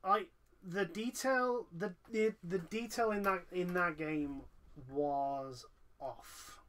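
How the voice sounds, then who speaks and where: A man's voice: sits high, takes it slowly, a bit bright. A man hosting a casual chat, blunt and swearing, with plenty of "like" fillers. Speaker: podcast host.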